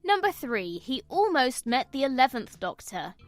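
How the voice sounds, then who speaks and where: Woman hosting a trivia countdown, bouncy animated voice, a bit high, jokey little asides. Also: moderate pace, no room sound, soft background music. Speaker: host. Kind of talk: scripted trivia narration.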